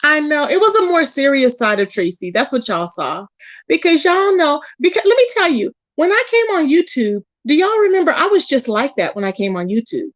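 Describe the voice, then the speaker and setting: A woman's voice: sits high, brisk, no room sound, highs cut off. A woman hosting a casual live stream, chatting animatedly with her viewers and reading their comments aloud. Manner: chatty and animated, talks to chat, says "child" and "y'all". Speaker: YouTube live host.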